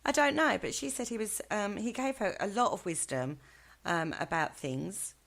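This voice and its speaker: A woman's voice: mid-range voice, normal speed, creaky, fairly bright tone. Chatty, enthusiastic woman co-host. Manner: enthusiastic, laughs often, chatty. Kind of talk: casual chat.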